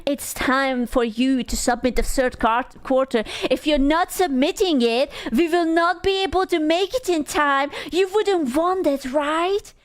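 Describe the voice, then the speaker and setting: A woman's voice: high-pitched, measured pace, hardly any pauses. A woman voicing a pushy, passive-aggressive accountant in a mock-sweet, singsong tone.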